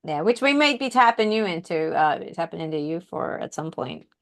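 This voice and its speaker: A woman's voice: lowish voice, very animated, brisk. A woman co-hosting a casual podcast chat, talking loosely with many restarts. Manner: chatty, many fillers and restarts. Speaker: podcast co-host.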